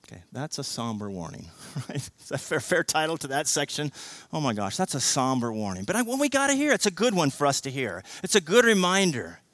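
A man preaching a sermon as pastor, passionate, swinging from hushed storytelling to loud, emphatic exhortation. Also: mid-range voice, sing-song, a little fast, few pauses, dry recording.

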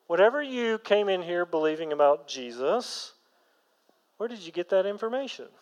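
A man preaching a sermon as pastor, earnest, rising to emphatic peaks and then dropping low. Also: big-room sound, low-quality recording.

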